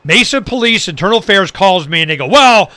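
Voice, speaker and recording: A middle-aged man hosting a talk show, telling a long story in casual chat, animated and dropping low for asides. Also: quick pace, dry recording. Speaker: radio show host.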